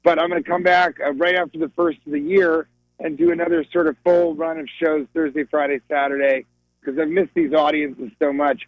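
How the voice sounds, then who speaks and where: A man's voice: a little high, animated, brisk, vocal fry, no echo. A male comedian calling in to a radio show, giddy and rambling, laughing through his jokes over a muffled phone line. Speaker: comedian guest.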